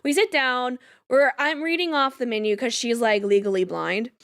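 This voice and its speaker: A woman's voice: a little high, moderate pace, no echo, studio quality. A young woman streamer telling a rambling story in casual chat, full of "like" fillers. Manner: rambling, animated, lots of "like" fillers, laughs while telling. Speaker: game streamer.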